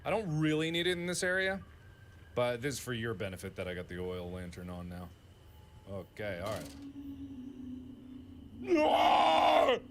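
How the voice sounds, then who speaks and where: A man's voice: fairly low pitch, brisk, noisy background. A man playing a horror game and talking to himself, chatty and joking as he explores. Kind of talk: casual solo game commentary.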